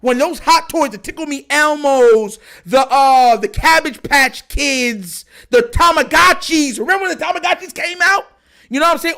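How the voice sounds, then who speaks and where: High bright-voiced man, slangy livestream host. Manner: animated, slangy, talks to chat. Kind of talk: casual livestream storytelling.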